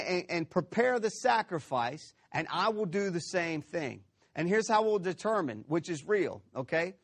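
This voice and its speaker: A man preaching a sermon, retelling a story with lively acted-out quotes and frequent check-ins like "okay?". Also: high-pitched. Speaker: pastor.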